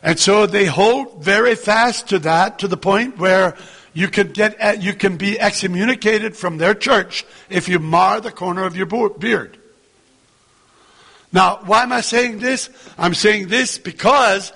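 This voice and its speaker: High gravelly preacher man in echoey hall. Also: a little slow, bright, forceful tone. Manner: earnest, repetitive preaching with rising emphatic lines. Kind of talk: sermon.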